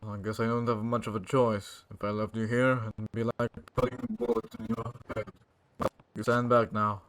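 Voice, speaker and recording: A man voicing a stoic young brawler, speaking low, flat and curt. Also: moderate pace, slight background noise, natural voice. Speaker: game protagonist voiced by a player.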